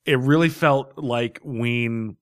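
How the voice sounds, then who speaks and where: Guy chatting about comics, animated, laughs a lot, dry close sound. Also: medium pitch, takes it slowly, dry recording. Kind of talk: casual comic book review chat.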